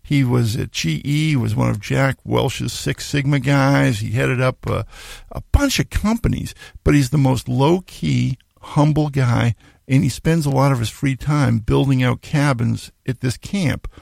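Middle-aged male host, gravelly fry, dry close sound, chatty storyteller. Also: mid-range voice, unhurried, darkish tone, dry recording. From Maine. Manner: storytelling, acting out quoted voices, laughs. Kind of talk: casual interview chat.

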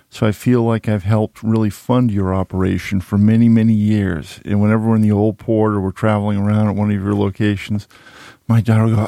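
A man's voice: fairly low pitch, vocal fry, mellow, dry recording, clean studio sound. A middle-aged man from the Boston area hosting an interview, chatty and rambling with self-deprecating asides. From Boston area, Massachusetts. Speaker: podcast host. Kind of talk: casual interview chat.

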